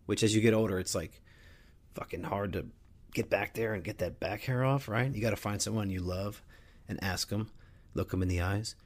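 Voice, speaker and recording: Crude, joking middle-aged podcast host. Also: male voice, on the low side, normal speed. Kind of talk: casual sports talk.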